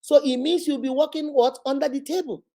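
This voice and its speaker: A woman's voice: high-pitched, steady tone, fairly quick, dark tone. A middle-aged Nigerian woman hosting a casual vlog, telling stories with laughter and rhetorical questions. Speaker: host.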